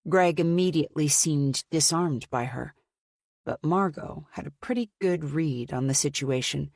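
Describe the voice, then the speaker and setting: A woman narrating a mystery audiobook in a measured, even storytelling manner. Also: low voice, creaky, dry recording, studio quality.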